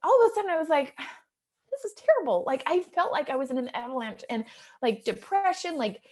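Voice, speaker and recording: Speaking fast in a high voice, a thirty-something real estate investor tells an audience a heartfelt personal story. She's earnest and emotional, shifting between hushed and excited.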